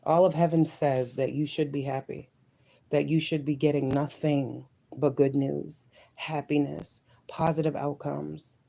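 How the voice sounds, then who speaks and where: A woman's voice: deep voice, level tone, measured pace, vocal fry, warm tone, low-quality recording. Emotional woman giving tarot reading. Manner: emotional, preachy, repetitive affirmations, swears. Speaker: tarot reader.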